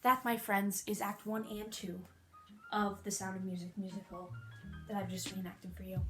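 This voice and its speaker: Hyper fast-talking woman vlogger. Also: medium pitch, level tone. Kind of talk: hyper comedic retelling. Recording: echoey room with faint music.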